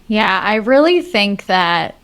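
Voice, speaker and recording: A woman's voice: medium pitch, sing-song, takes it slowly, fairly bright tone, clear, resonant tone. A woman hosting a podcast in casual chat, friendly and asking her guest questions. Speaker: podcast host.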